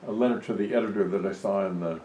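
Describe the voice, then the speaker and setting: A man's voice: lowish voice, fast talker, dark tone, recorded from a distance, highs cut off. A man in a church group offering remarks, hesitant with fillers. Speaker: group member reading a letter. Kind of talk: casual remarks and reading aloud. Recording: echoey room, faint noise.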